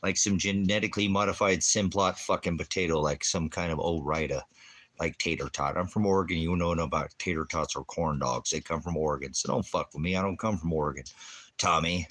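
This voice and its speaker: A man with a deep, low voice rants on a livestream, hurling profane insults at people in his chat. He mocks them with crude jokes, then cuts into talk about scripture. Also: brisk, fairly bright tone. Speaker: livestream ministry host. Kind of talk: livestream rant answering chat.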